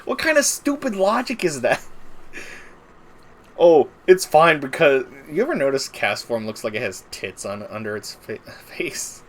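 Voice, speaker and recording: A man's voice: a little high, sing-song, a little slow. A man streaming a game, telling a long story casually, with lots of filler words and swearing. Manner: rambling, filler-heavy, profane. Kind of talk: casual storytelling while gaming.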